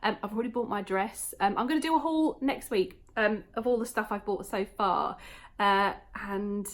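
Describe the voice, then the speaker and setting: Rambling woman vlogging. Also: mid-range voice. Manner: rambling, talks in quick bursts, many fillers. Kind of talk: casual chatty vlog.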